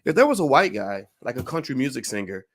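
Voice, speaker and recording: A man's voice: mid-range voice, big pitch swings, fast. A man giving an opinionated commentary monologue, emphatic, firing rhetorical questions and tagging lines with "right?".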